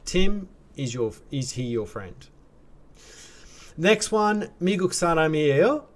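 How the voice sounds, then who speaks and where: A man with an Australian accent, explaining grammar in a relaxed, chatty teaching style with fillers and restarts. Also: a little high, slow pace. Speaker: language teacher. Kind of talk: casual explanatory lesson.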